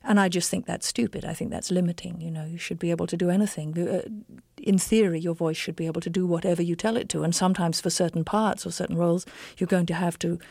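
An English stage actress answering interview questions in an articulate, emphatic, opinionated way. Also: female voice, fairly low pitch, steady tone, fast talker, creaky, few pauses, a little mellow, dry recording, studio quality. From England.

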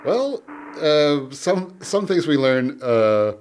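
A man's voice: fairly high pitch, big pitch swings, takes it slowly, a little mellow, slight background noise. A man appearing as a guest on a radio talk show, answering callers in a hesitant way with many fillers. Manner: hesitant, full of fillers, chuckles often. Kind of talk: call-in radio conversation.

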